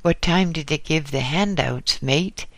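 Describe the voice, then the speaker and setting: A man voicing a hoarse, shifty old male tramp who pleads anxiously in working-class slang. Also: fairly high pitch, a little slow, a bit bright, dry recording, pitched above the performer's own voice.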